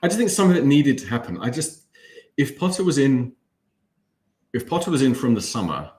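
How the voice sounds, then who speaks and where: A man's voice: mid-range voice, sing-song, fairly quick, a little mellow. A man with an English accent co-hosting a casual fan watch-along, speaking in a well-enunciated, wry and rambling way. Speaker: fan channel co-host.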